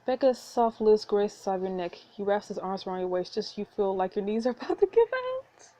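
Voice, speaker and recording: A woman's voice: medium pitch, very animated, fairly quick, mellow. A woman hosting a let's play, reading a story game aloud and reacting with giggly asides.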